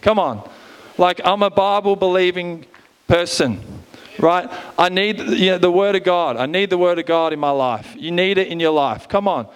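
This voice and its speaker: A man in his thirties preaches with a fairly high voice. His tone stays smooth and clear, and he drives his sermon with bursts of energy and repeated rallying calls. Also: normal speed. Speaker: pastor. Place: church stage.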